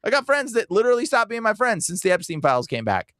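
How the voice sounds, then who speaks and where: Podcast host, male, high and very animated, casual rants, dry close mic. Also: fast, no echo. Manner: animated, impersonates people he talks to.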